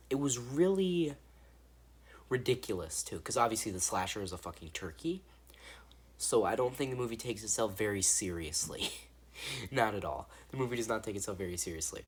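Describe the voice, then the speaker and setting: Husky, rambling man reviewing a movie. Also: on the low side, expressive, normal speed, pauses often. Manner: rambling and profane, with frequent restarts. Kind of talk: casual spoken movie review.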